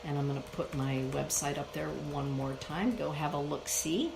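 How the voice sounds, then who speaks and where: A woman giving a live oracle card reading, speaking slowly and emphatically and addressing her viewers by name. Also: sits low, creaky, reverberant, heavy background noise. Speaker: spiritual author and card reader.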